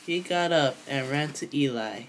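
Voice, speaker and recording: A woman's voice: very deep voice, lively intonation, moderate pace, a little hiss or hum. A woman narrating a Bible chapter as a storybook reading, carefully and aloud.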